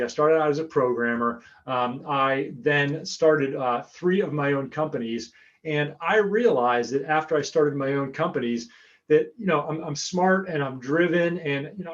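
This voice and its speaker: A man's voice: on the high side, lo-fi sound. An American man giving a chatty talk as guest speaker over a remote call, often repeating words as he goes. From United States. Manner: chatty, repeats words while finding his thread. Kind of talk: webinar presentation. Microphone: remote call audio.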